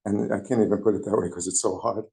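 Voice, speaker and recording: A man's voice: lowish voice, fairly even intonation, creaky, mellow, slightly rough. A man with a New York accent, speaking hesitantly and correcting himself as he searches for words in a group meeting. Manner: hesitant, halting, self-correcting. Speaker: meeting participant. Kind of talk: searching conversational dialogue. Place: meeting room.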